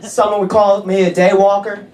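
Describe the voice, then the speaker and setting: A man does a brash, profane stand-up set on a comedy club stage. His voice rings around the room, with a crowd laughing clearly behind him. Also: high voice, flat delivery, normal speed, reverberant. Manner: brash, profane, punchy delivery.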